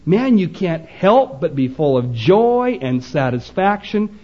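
A man preaches in a slightly high voice, retelling a conversation and driving each point home with emphasis. The recording is dull and lo-fi, as on an old sermon tape. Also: sing-song, slow pace, warm tone. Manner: storytelling with quoted dialogue, emphatic.

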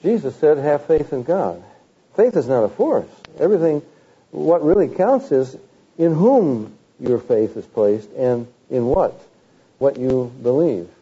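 Dark-voiced male preacher, lo-fi. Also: mid-range voice, unhurried, husky. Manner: animated, mocking quotes of opponents, rising emphasis. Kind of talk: sermon.

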